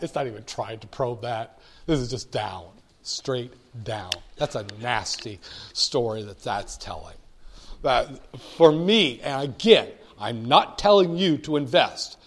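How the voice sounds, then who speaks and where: A man's voice: medium pitch, lively intonation, normal speed. A man giving a casual, chatty walkthrough of stock charts, with wry asides and frequent restarts. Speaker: stock market commentator. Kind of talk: casual screen-share market walkthrough.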